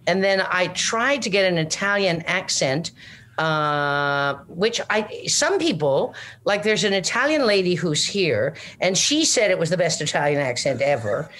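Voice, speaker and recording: Older Newfoundland-accented woman, interview guest, lowish voice, rambling and self-deprecating. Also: animated, a little slow, a bit bright, a little hiss or hum. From Newfoundland, Canada. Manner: rambling, self-deprecating, full of "you know what I mean". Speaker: guest, comedic actor. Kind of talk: casual interview chat.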